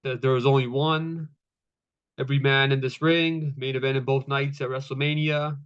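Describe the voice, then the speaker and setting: A man at a middle pitch talks through a wrestling recap in a loose, casual way, dropping fillers and curse words as he goes. His voice comes through a slightly dull, lo-fi recording. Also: level tone, normal speed, a bit bright, clear, resonant tone. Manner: laid-back, swears freely, many fillers, acts out quotes. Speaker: wrestling show reviewer.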